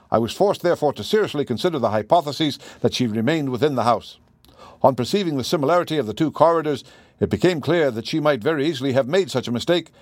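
Man voicing a keen methodical detective, measured explaining tone, dry sound. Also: medium pitch, dry recording, voice pushed up, lightly acted. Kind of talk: audiobook dialogue reading.

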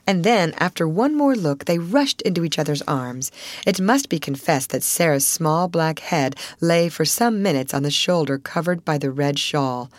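A woman narrating a classic novel aloud with an expressive storytelling cadence. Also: low-pitched, moderate pace, dry recording. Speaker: audiobook narrator.

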